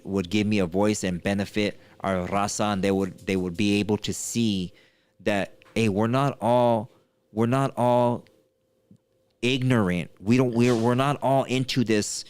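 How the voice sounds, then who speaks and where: A man in his thirties hosting a podcast, telling a story in casual chat and acting out quotes with a higher voice. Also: a little mellow, smooth. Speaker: podcast host.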